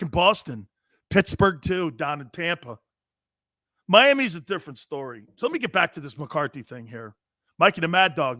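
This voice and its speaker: A brash, loud middle-aged man hosts a sports talk show, riffing and ranting straight at his viewers. His voice sits a bit higher than most men's. The sound is close and dry, with no room around it. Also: no room sound. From US Northeast. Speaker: sports radio host.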